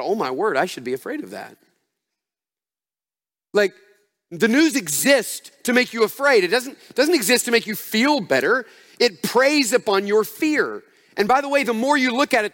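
A middle-aged male pastor preaching a conversational, animated sermon with acted asides. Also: sits high. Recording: long hall reverb.

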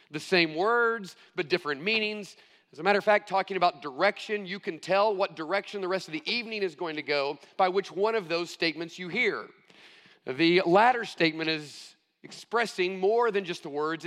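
A middle-aged male pastor preaching a sermon, earnest and emphatic, stressing key phrases slowly. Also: sits high, animated, fairly bright tone, big-room sound.

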